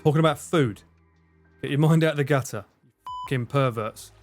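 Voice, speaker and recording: A man streaming a game live, joking, swearing and reacting loudly as he plays. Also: medium pitch, normal speed. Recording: game music playing behind.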